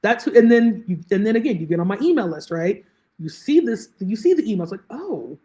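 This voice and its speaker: Woman guest on a video call, lively storyteller, acts out dialogue. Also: mid-range voice, fairly quick. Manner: animated storyteller, acts out quoted exchanges. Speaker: guest, lead generation specialist. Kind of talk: conversational interview.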